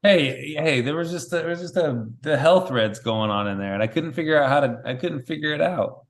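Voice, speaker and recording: A man's voice: fairly high pitch, animated, a little fast. A man teasing the others during casual stream chat.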